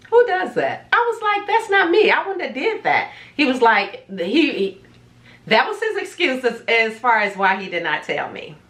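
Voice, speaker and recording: A woman's voice: a little high, a bit bright, reverberant. A woman casually telling viewers a personal story in a chatty, dramatic way, acting out what was said. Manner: chatty, dramatic retelling with quoted voices. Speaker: vlogger telling her own story.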